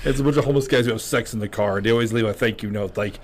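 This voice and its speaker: A man's voice: lowish voice, very fast, slight background noise. A male podcast host chatting casually with his guest, blunt and ready with casual swearing. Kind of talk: casual chat.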